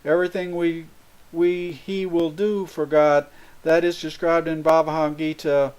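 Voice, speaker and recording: A man's voice: on the high side, flat delivery, a little slow, a little mellow, clean tone. A man giving a sermon, earnestly explaining spiritual points through everyday examples. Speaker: spiritual speaker.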